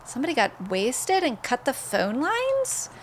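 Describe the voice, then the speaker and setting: A woman's voice: sits high, huge pitch swings, unhurried, a little hiss or hum. A young woman streaming a video game, chatting in an upbeat way and thanking viewers by name. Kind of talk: casual live-stream commentary.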